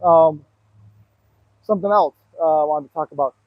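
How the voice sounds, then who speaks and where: A man's voice: a little high, normal speed, no room sound. A man telling rambling stories with many fillers in a casual live talk, out of breath as he walks. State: out of breath, walking. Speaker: manifestation coach. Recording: dry tinny phone-like audio.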